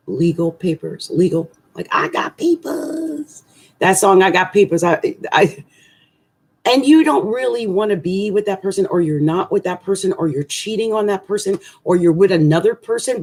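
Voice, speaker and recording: A woman's voice: fairly low pitch, a little mellow, slightly rough. A middle-aged woman astrologer rambling through a casual, tongue-in-cheek horoscope reading.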